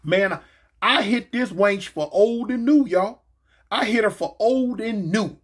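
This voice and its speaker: A man casually telling a story from his past, slangy and animated, jumping in pitch and making sound effects as he goes. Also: measured pace. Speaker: storyteller recounting his prison days.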